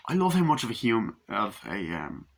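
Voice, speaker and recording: A man's voice: on the low side, wildly swooping pitch, moderate pace, creaky, background noise. A man giving a casual, rambling movie review, re-enacting scenes and swearing freely.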